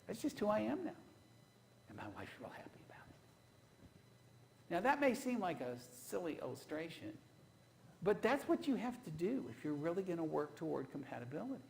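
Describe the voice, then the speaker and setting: Gravelly-voiced preacher telling folksy stories. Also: male voice, high-pitched, sing-song, normal speed, pauses often, a little hiss or hum, rough recording. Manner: folksy storytelling with rhetorical questions to the congregation. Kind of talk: sermon. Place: church.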